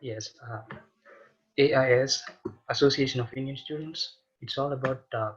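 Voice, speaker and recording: A man's voice: mid-range voice, moderate pace, fairly bright tone, husky. A man representing a student association, presenting hesitantly on a video call with many fillers. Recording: muffled lo-fi call audio.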